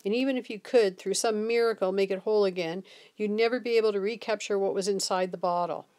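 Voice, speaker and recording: A woman's voice: mid-range voice, steady tone, fast, a little mellow, close to an everyday voice. A woman reading the lines of a drunk, bitter homeless man who slurs and snaps curtly. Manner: slurred, curt and snapping.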